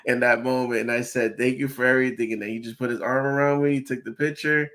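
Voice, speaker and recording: Earnest man telling an excited story. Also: mid-range voice, fast talker. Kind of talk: casual chat.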